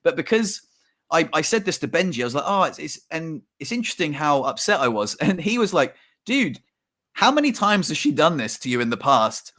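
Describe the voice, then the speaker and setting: A man's voice: on the high side, sing-song, fairly quick, a bit bright. A man, co-hosting a casual podcast chat and telling a reflective personal story. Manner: reflective storytelling, acts out his own thoughts. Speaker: podcast co-host.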